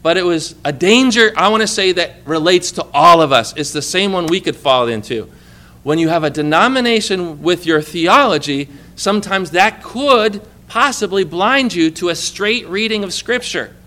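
A man preaching a sermon in a conversational way, often putting questions to the congregation and reading scripture aloud slowly and with emphasis. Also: high voice, expressive, bright, forceful tone.

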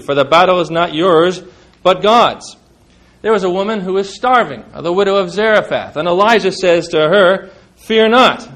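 A man's voice: high voice, fairly bright tone. A man preaching a sermon to his congregation, quoting scripture with rising emphasis and turning to the listeners with conversational questions. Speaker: pastor.

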